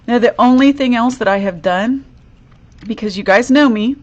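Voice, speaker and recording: A woman's voice: a little high, normal speed, lo-fi sound. A woman hosting a live crafting demonstration, chatty and upbeat, talking viewers through each step at her craft desk.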